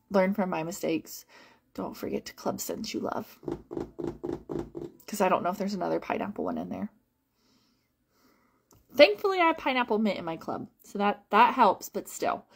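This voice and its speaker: A woman's voice: lowish voice, creaky, breathy edge. Chatty, rambling woman consultant. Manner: chatty and animated, rambling with many fillers and repeats. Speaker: independent home-fragrance consultant. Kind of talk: casual live-stream chat to viewers.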